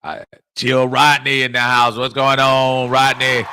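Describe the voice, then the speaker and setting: A middle-aged man hosting a casual sports livestream, reading out viewer comments in a lively, chuckling way. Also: mid-range voice, measured pace, a little hiss or hum. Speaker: livestream host.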